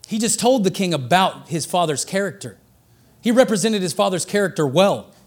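A man preaching a sermon with a notably high voice. He talks in a relaxed, joking way and builds up excitedly when he drives a point home. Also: moderate pace. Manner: conversational and joking, rising excitedly for emphasis.

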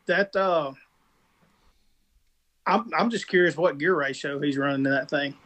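A man's voice: fairly high pitch, a little slow, a bit bright. A man co-hosting a casual chat in an easygoing, agreeable way, laughing along. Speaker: podcast co-host. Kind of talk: casual chat about off-road racing.

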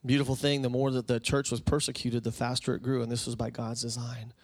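A man in the pulpit delivers a sermon in an easy, talky way, often swelling into urgent exhortation. His voice sits in a middle register, neither deep nor high. He speaks into a stage microphone. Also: level tone, fast talker. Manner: conversational, rising to fervent exhortation. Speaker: pastor. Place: church sanctuary.

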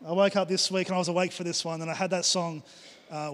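A man's voice: high-pitched, flat delivery, quick pace. A middle-aged man preaching a sermon with emphatic, repeated phrases in a church. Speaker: pastor. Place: church hall. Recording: long hall reverb.

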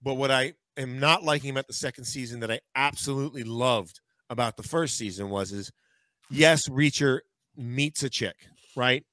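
A man's voice: mid-range voice, moderate pace, bright, forceful tone, dry recording. A man co-hosting a casual podcast chat, rambling and swearing with many fillers. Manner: rambling, profane, lots of fillers. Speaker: podcast co-host.

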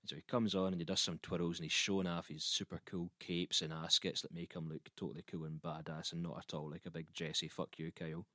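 A man's voice: sits low, flat delivery, fairly quick, hardly any pauses, pushed and bright, dry recording, studio quality. A man telling a rambling comic story, stumbling and restarting as he goes. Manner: rambling, self-interrupting with repeated restarts.

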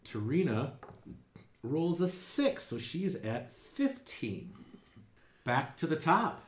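A man's voice: fairly high pitch, very animated, slow. Casual male game master in an echoey room. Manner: casual, rambling with fillers, laughs often. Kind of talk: narrating a tabletop game.

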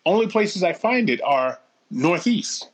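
A man chatting casually on a podcast, animated and profane, with lots of tangents. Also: high-pitched, unhurried, slightly rough. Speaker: podcast co-host.

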